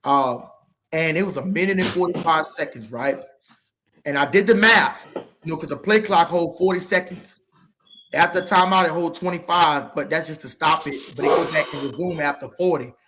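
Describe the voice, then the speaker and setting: A man co-hosting a casual sports podcast, talking in an animated, heated and profane way. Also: on the high side, moderate pace, slight background noise. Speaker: podcast co-host.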